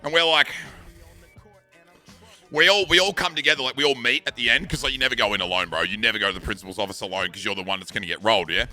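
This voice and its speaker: A man in his thirties recounting an anecdote in a loose, animated way, with crude words slipped in throughout. His voice sounds piercingly bright and sharp, and faint music plays behind him. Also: fairly low pitch, fast. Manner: animated, swears, acts out shouts. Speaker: streamer. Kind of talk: casual storytelling.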